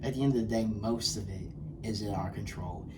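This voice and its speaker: A man's voice: on the low side, fairly quick. A man acting as a self-styled life coach, giving a motivational lecture to camera in a preachy, scolding, emphatic way. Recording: distant mic with faint background noise.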